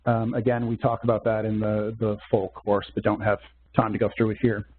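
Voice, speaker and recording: A man teaching a software demo in a webcast, walking through steps methodically with small fillers. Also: on the low side, monotone, brisk, slightly rough. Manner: methodical step-by-step explaining with fillers. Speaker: software instructor. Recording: tinny phone-like webcast audio.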